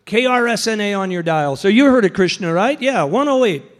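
A man's voice: high-pitched, lively intonation, fairly quick. A man putting on the voice of a hammy male radio announcer with showy, salesman-like patter.

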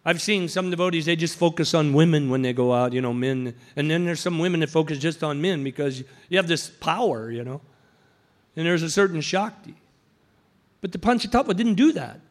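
A high-voiced man preaching to listeners in a storytelling way. He breaks into the voices of the people in his stories and then drops back into a calm teaching tone. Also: brisk. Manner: storytelling, acts out quoted voices. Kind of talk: anecdotal sermon.

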